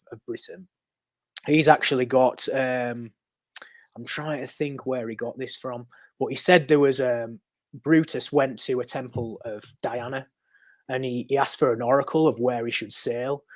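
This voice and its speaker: Guy on a podcast going on about old history, lots of ums, mid pitch, dry close sound. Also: fairly even intonation, moderate pace, dry recording. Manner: rambling, storytelling, with frequent ums and restarts. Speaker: podcast guest, amateur historian. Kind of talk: conversational explaining. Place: podcast recording.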